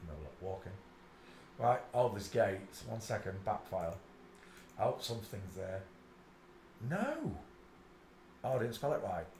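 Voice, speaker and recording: A man's voice: lowish voice, very animated, measured pace, pauses often, darkish tone. Laughing man in an echoey room. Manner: mocking, laughs a lot, mutters to himself. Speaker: channel host. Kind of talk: casual live-stream commentary. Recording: roomy echo with faint background noise.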